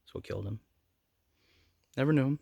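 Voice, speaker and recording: A man's voice: medium pitch, a little fast, creaky, dark tone, no echo, clean studio sound. A man in his forties telling personal stories in a casual vlog, blunt and profane, rambling with bursts of anger. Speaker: vlogger.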